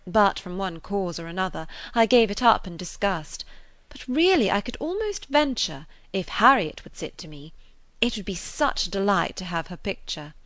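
Woman reader voicing an eager, self-assured young lady in a storybook reading, lifts her pitch, dry sound. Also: expressive, normal speed, fairly bright tone, no echo, lightly acted.

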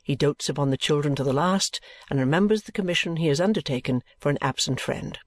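A male audiobook narrator reading a classic novel in an even, measured storytelling manner. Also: mid-range voice, no echo.

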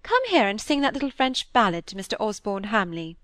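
A woman reading the part of a fussy, vain middle-aged Victorian stepmother, fretful and a little higher in pitch. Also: sing-song, a little fast, a bit bright, no room sound, studio quality. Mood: gushing. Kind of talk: audiobook character reading.

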